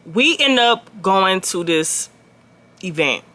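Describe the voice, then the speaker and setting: A woman telling a personal story to her viewers in a casual vlog, blunt and profane, swinging between loud outbursts and quiet asides. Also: mid-range voice, slow. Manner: animated, swings loud and soft.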